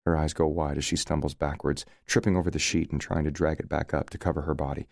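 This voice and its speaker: Deep gravelly male audiobook narrator. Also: little pitch movement, quick pace, a little mellow, no room sound, clean studio sound. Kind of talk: first-person romance audiobook narration.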